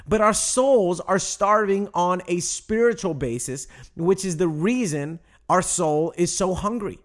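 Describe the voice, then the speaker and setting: A young adult male pastor preaching a sermon, emphatic and direct with the congregation, stretching out key phrases slowly. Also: sits high. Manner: animated preaching, emphatic with slow drawn-out phrases; addresses congregation directly, asks them to respond.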